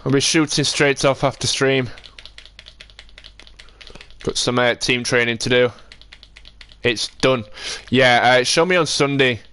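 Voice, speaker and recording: A young man streaming a building game, chatting in a relaxed way and answering viewers as he works. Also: medium pitch, measured pace, pauses often, slight background noise. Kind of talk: casual live-stream chat while building in a game.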